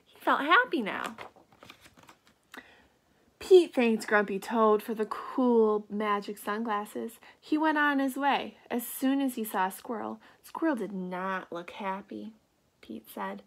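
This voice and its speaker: A woman reading a children's picture book aloud, slow and expressive. She gasps, whispers little asides, and stops to ask her young listeners questions. Her voice sits a little high. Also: vocal fry.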